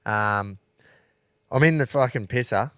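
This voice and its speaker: A man's voice: mid-range voice, unhurried, a bit bright, clean tone, dry recording, clean studio sound. An Australian man co-hosting a podcast, telling pub yarns in casual chat, swearing freely and laughing through his stories. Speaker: podcast co-host.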